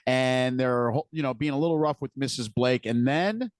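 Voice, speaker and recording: A man's voice: mid-range voice, normal speed, clear, resonant tone, no room sound. A man co-hosting a podcast, retelling scenes from a TV episode in a casual, detailed way. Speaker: podcast co-host. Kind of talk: casual recap chat.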